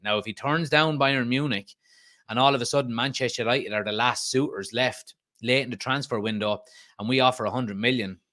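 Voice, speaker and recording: Irish male fan-channel host, mid-pitched, chatty with restarts, punchy outbursts. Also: sharp tone. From Ireland. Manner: conversational, frequent restarts and fillers, emphatic outbursts. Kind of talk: live-stream fan chat reading comments.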